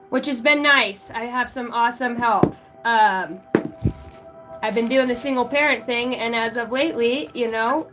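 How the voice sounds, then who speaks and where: A woman's voice: sits high, a bit bright. A woman with an American country accent hosting a casual psychic live stream, chatty and profane, greeting viewers in the chat by name.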